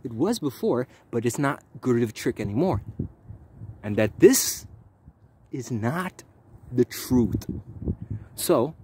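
A man talking to camera in a preachy spiritual monologue, animated and repetitive, with swearing. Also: medium pitch, slow, pauses often, a little hiss or hum. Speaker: vlogger.

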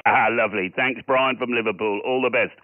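A man's voice: medium pitch, fairly even intonation, noisy background. Chatty man on a tinny radio line. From Scotland. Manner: friendly, quick call handling. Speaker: ham radio operator. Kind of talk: casual radio chat.

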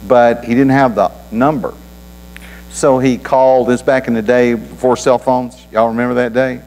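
A man's voice: medium pitch, level tone, normal speed, gravelly, a little mellow. A man preaching a sermon in a folksy, conversational way, with homespun anecdotes. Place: church auditorium. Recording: reverberant hall with mains hum.

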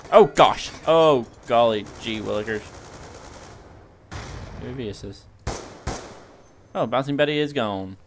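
A young man giving live gameplay commentary as a video host, excitable and yelping at sudden action. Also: mid-range voice, measured pace, pauses often, a little hiss or hum.

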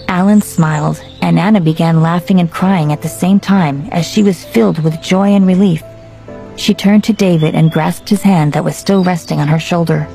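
Low, gravelly woman narrating a story. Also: fairly even intonation, moderate pace, warm tone, soft background music. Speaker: audiobook narrator. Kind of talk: scripted narration.

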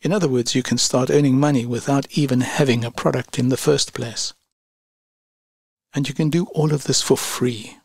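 Guy with a gravelly husky voice, measured scripted review, dry close mic. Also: mid-range voice, fairly even intonation, darkish tone, no echo. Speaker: online business reviewer.

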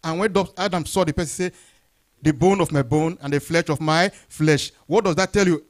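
A male pastor preaching a sermon, throwing out questions and answering them, swinging between loud high lines and low quiet ones. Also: fast talker. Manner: call-and-response questions, rising then dropping low.

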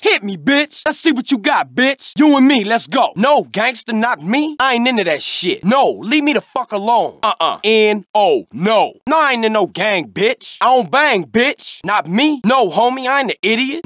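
A man's voice: very high voice, a bit bright, no echo, highs cut off. An actor playing a hot-tempered young male street gangster in a video game, barking aggressive, taunting slang.

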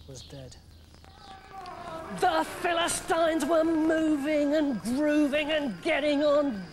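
A man telling a story in lively, playful scripted narration that drops to hushed tones. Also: sits high, slight background noise.

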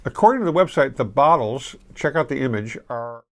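A middle-aged man giving a casual, rambling fragrance review to camera, relaxed and full of restarts. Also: medium pitch, brisk.

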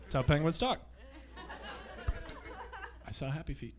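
In this stand-up set, a man with a slightly high, sing-song voice spins loose, profane stories for a theatre crowd, which can be faintly heard. He speaks a touch slowly.

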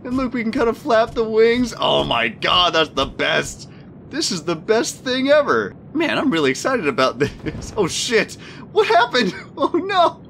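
Animated laughing man playing a game. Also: sits high, moderate pace, gravelly, slight background noise. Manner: excitable, laughs often, swears at mishaps. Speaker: gaming video host. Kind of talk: let's play commentary.

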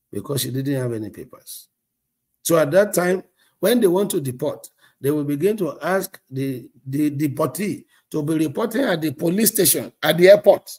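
This pastor's voice is a little high and husky. He tells an animated story in his sermon, chuckling a lot and performing the dialogue himself.

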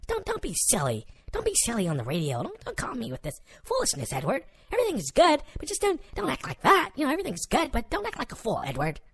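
Woman playing a fast-talking exasperated wife. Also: high voice, wildly swooping pitch, slightly rough, full character voice. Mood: scolding. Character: sensible, scolding wife of the caller. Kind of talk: comedy radio call-in sketch.

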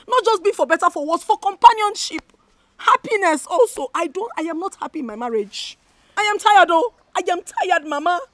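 A woman's voice: very high-pitched, a bit bright, no echo. An actress with a Nigerian accent playing a weary young wife, emotional and pleading with her mother. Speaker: unhappy wife.

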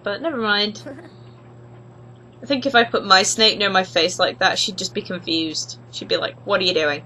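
A young woman giving casual, excitable commentary while playing a life-simulation game, gushing over cute pets. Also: medium pitch, a little slow, a little hiss or hum. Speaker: gaming video host.

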